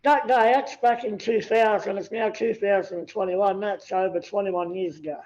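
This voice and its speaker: A man's voice: sits high, fairly even intonation, normal speed, darkish tone, muffled recording. A man in his thirties, a podcast guest telling his story in a joking, self-deprecating way and laughing easily. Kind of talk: casual interview chat.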